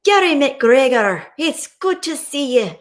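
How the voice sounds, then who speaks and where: A woman's voice: sits high, big pitch swings, takes it slowly, voice pushed up, heavily acted. A woman putting on an exaggerated fake Scottish accent to greet a viewer on a live stream. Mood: playful.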